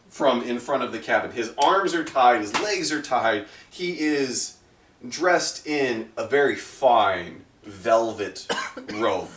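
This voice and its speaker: A game master narrating a tabletop game, describing scenes in a lively, rambling way with many restarts. His voice rises and falls widely. The mic sits far off in a roomy space. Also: medium pitch.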